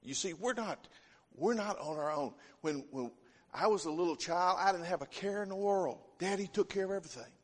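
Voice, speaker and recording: Male preacher, folksy storyteller, slightly high voice, reverberant hall. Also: brisk. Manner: folksy storytelling, homespun phrasing. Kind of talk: sermon.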